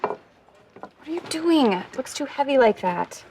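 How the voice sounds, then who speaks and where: An actress playing a fussy young woman who styles food for a shoot, speaking in a brisk, exacting way in a web series drama scene. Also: sits high, very animated, darkish tone, far from the mic, slight background noise, full character voice.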